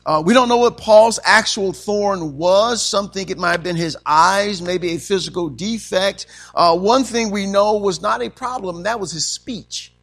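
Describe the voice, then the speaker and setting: A man's voice: high voice, moderate pace, few pauses, a bit bright. A man preaching a sermon as pastor, asking the congregation questions and punctuating with frequent amens.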